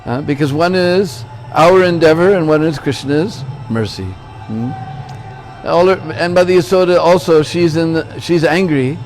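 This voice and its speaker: A man's voice: on the high side, normal speed, darkish tone, soft background music. Man giving a sermon. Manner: checks in with listeners by asking "Hmm?" and "Huh?". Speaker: religious lecturer. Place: temple.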